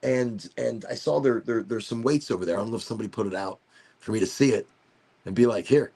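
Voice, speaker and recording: A man's voice: lowish voice, fast, vocal fry, mellow, husky. A man hosting a casual livestream chat, rambling from topic to topic and losing his thread. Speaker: host of a livestream talk show.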